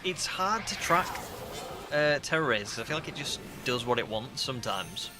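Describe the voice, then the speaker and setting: A man's voice: mid-range voice, lively intonation, moderate pace, music in the background. A young man with a northern English accent and a slight Scouse twang, chatting casually on a live stream and reading viewer comments aloud. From northern England.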